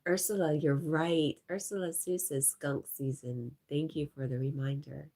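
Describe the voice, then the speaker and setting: A woman with a low, husky voice and a stuffy nose, hosting a relaxed livestream. She reads viewer comments aloud in a mellow, chatty way and breaks off to coo at her dog. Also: moderate pace. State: stuffy-nosed. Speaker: livestream host.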